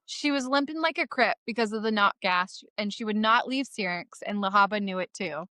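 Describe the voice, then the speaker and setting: Her voice is medium-pitched, brisk, pushed and bright, with no room sound at all. She co-hosts a casual podcast, reading a comic chapter recap with irreverent swearing while close to tears and often laughing through them.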